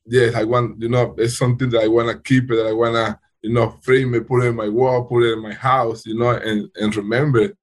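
Husky man in halting second-language English. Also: mid-range voice, flat delivery. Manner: halting non-native English with frequent restarts. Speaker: baseball player guest. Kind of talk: casual interview talk.

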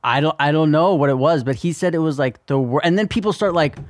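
A man's voice: fairly high pitch, fast talker, a loud crowd. A man co-hosting a podcast, telling rambling stories in casual chat and swearing freely. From New York. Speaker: podcast co-host.

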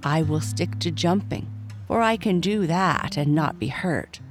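A woman's voice: low voice, measured pace, faint music behind. Woman voicing Lightfoot, a sore young billy goat. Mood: dismayed. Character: young male goat, bruised and sorry.

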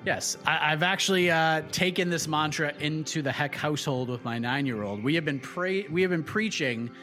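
A playful man running a panel like a quiz, with a slightly raised pitch. He reads out options and keeps time. Faint music sits underneath. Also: moderate pace, sharp tone. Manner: playful, quizmaster-like. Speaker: host. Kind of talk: game-style panel hosting.

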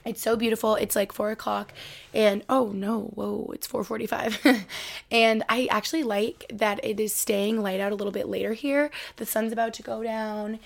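A woman's voice: medium pitch, steady tone, normal speed, creaky. A woman in her twenties from Albany, New York, hosting a casual solo podcast from her bedroom floor, chatty and rambling with lots of "like". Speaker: podcast host.

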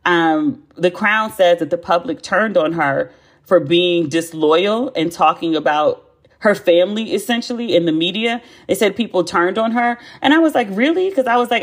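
An American woman in her forties hosts a podcast and chats casually in a blunt, animated way, with lots of profanity and emphatic repetition. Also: on the low side, moderate pace. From United States. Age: 40s. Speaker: podcast host. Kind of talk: casual chat.

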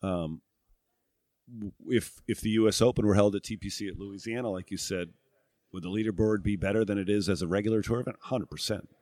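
A middle-aged New England man, a former tour golfer and broadcast analyst, appears as a guest in a casual interview. His lowish, slightly mellow voice holds a steady tone at a fairly quick pace, and the recording is dry. He's reflective, thinking aloud with many fillers and restarts.

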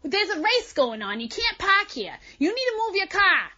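A woman voicing a gruff male police officer who shouts warnings at a driver in a told story. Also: extremely high pitch, very animated, moderate pace, dull audio, voice pushed up, full character voice. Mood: bossy. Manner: bossy, shouting across a road.

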